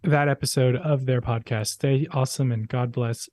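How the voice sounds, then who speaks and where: A man's voice: mid-range voice, steady tone, normal speed, a little mellow, dry recording. A man co-hosting a casual talk show who reads viewer comments aloud and jokes easily. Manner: joking, easygoing. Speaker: co-host reading viewer comments. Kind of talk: casual chat.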